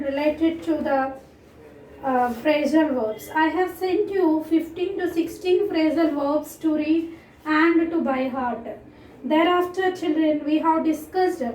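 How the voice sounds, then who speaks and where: A woman's voice: high voice, a little mellow, reverberant, distant mic, slight background noise, low-quality recording. A woman teaching a class of children, speaking English with an Indian accent, repeating words and calling the class "children" again and again. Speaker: school teacher. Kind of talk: online English lesson.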